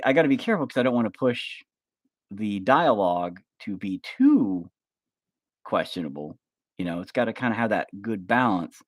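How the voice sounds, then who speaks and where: A man hosting a livestream who rambles through a casual film pitch, full of fillers and swearing. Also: no room sound. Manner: rambling, filler-heavy, profane. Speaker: livestream host.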